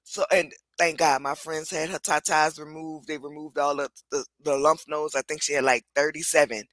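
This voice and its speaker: A woman's voice: low-pitched, fairly even intonation, moderate pace, a bit bright, no room sound. A woman hosting a casual chat reviewing reality TV, talking bluntly and candidly at length.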